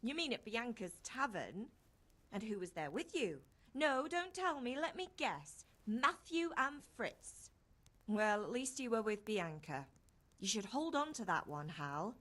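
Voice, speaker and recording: A woman's voice: fairly high pitch, big pitch swings, unhurried, a bit bright, full character voice. This is a caring medieval village mother, fretting over her son. Her voice climbs and dips with animation as she teases and scolds him fondly. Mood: teasing. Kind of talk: game character dialogue.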